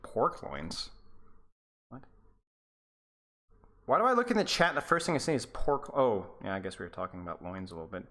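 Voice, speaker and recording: A man's voice: medium pitch, big pitch swings, moderate pace, long pauses, fairly bright tone. A young man coaching as he reviews a game, sarcastic and mocking, breaking into laughter. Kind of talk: live gameplay review coaching.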